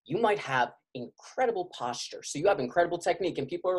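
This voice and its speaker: Physical therapist guy on a podcast, husky voice, fired up and urgent, keeps saying y'all. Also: fairly high pitch, lively intonation, fast. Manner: impassioned, urgent, addresses listeners as y'all. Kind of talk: podcast interview.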